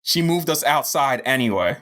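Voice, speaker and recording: A man's voice: mid-range voice, moderate pace. A man co-hosting a podcast, telling a rambling, profane story in casual chat. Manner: profane, rambling, animated retelling. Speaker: podcast co-host.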